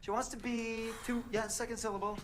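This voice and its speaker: A man's voice: extremely high pitch, little pitch movement, brisk, over music. An actor playing a flustered male fiancé in a comedy film, stammering and guessing in a rush, with many fillers. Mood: frantic guessing. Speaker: groom-to-be.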